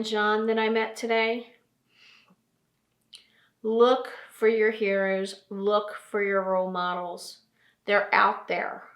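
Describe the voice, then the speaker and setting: A woman from New Jersey giving a heartfelt vlog monologue, slow and earnest, repeating phrases for emphasis, tearful and emotional. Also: mid-range voice, a bit bright, reverberant. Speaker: trucking vlogger.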